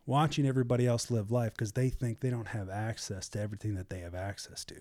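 A man's voice: lowish voice, steady tone, fast talker, darkish tone. A man telling a story in casual chat, acting out the people he quotes.

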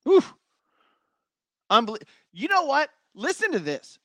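Solo sports host, man, high energy, high-pitched voice. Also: normal speed, no echo. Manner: energetic, chatty, laughs at his own takes.

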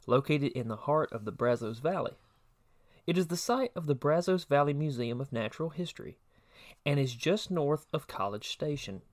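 A man at a medium pitch narrating a true crime podcast as co-host. He reads through a prepared case summary in a steady, even delivery. Now and then he drops in a short personal aside.

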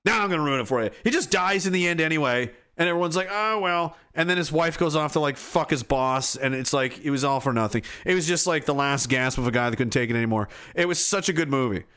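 A man talks casually on a livestream, reacting to chat. His voice sits a little high, and his speech is heavy with profanity. He lurches from heated yelling to quiet, grumbling asides. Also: fast talker, hardly any pauses, clear, resonant tone. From Atlantic Canada. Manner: profane, ranting, swings from shouting to muttering. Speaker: livestream host reading chat. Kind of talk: angry ranting livestream talk.

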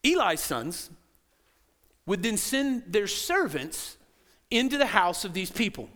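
A man preaching a sermon as pastor in a church, animated and acting out quoted voices. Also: high voice, takes it slowly. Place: church sanctuary.

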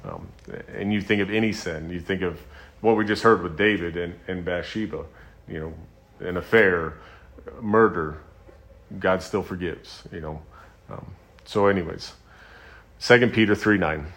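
A man's voice: deep voice, unhurried. A man preaching a sermon in a conversational, earnest way, with ums and restarts as he retells scripture stories.

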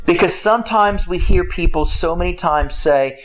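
A man giving a faith-based talk on marriage, emphatic and repetitive, with his pitch swinging up and down. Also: normal speed, rough recording. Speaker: marriage teacher.

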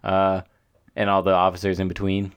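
Young male co-host, low-pitched, laid-back, swears casually. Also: monotone, moderate pace, clear, resonant tone, muffled recording. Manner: laid-back, blunt, swears freely, forgets names. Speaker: podcast co-host. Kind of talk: casual chat.

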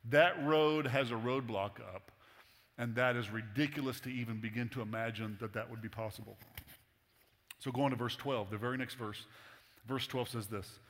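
A male pastor preaching in a relaxed, joking, conversational tone. His voice sits at an ordinary pitch and carries a long reverb from the church hall. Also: fairly quick. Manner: casual, humorous, conversational. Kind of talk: sermon.

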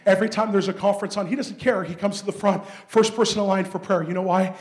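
A man preaching a sermon in an earnest storytelling manner that rises to shouts. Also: sits high, steady tone, quick pace.

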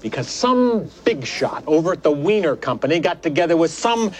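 A man's voice: on the high side, big pitch swings, moderate pace, a little mellow. An actor playing a stressed middle-aged father in a film clip, ranting indignantly.

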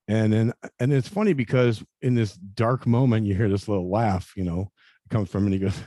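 A man in his fifties telling a personal story in an interview, earnest and halting, often repeating words and saying "you know". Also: lowish voice, warm tone, no room sound, studio quality. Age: 50s. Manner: earnest, confessional. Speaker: interview guest.

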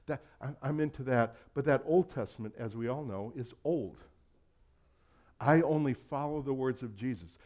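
A middle-aged man preaches with easy humor and jokes at his own expense. His voice sits at an ordinary pitch, dropping to quiet asides and then jumping up loud for emphasis. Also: moderate pace. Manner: humorous, self-deprecating storytelling; animated, swings between quiet asides and loud bursts. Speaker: pastor. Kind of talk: sermon.

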